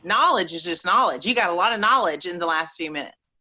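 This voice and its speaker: A woman's voice: fairly low pitch, lively intonation, fairly quick, bright, forceful tone, lo-fi sound. A woman co-hosting a spiritual talk show, coaching in an earnest, emphatic way. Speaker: co-host, life coach.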